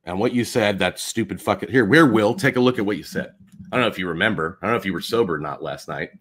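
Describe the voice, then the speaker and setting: A man's voice: fairly low pitch, quick pace, a bit bright, breathy edge. A man ranting on a live stream in a heated, profane and confrontational way. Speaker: livestreamer.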